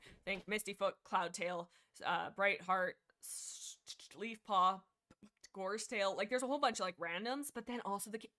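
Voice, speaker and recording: A young woman talks through a book on her livestream in a loose, rambling way. She gets excitable, restarts her sentences often and fills gaps with lots of fillers. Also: medium pitch. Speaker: livestream host. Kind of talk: casual book discussion livestream.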